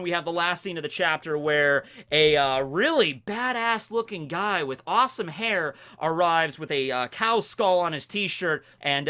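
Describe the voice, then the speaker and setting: A young man hosting a video, casually recapping a manga chapter in an animated, rambling way. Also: high voice, clean tone. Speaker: video host reviewing a manga. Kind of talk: casual chat.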